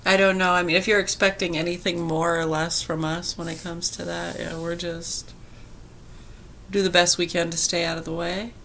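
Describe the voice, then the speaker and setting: A woman's voice: lowish voice, normal speed, vocal fry, slight background noise. A woman vlogging casually, telling a story in a chatty way with frequent laughter. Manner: chatty, laughing, animated retelling.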